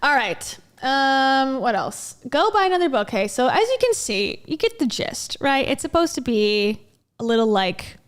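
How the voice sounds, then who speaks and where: A woman's voice: sits high, big pitch swings, measured pace, clear, resonant tone. A woman hosting a casual commentary livestream, talking in a chatty, rambling way with lots of fillers and little laughs. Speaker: commentary host.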